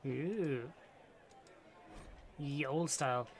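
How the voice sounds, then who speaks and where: A young male streamer chatting through his gameplay in an animated, swearing, offhand way. His voice sits at a middle pitch. A faint room hum sits behind him. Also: very slow. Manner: excitable, swearing, chatty asides to chat. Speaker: game streamer. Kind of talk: casual gameplay commentary.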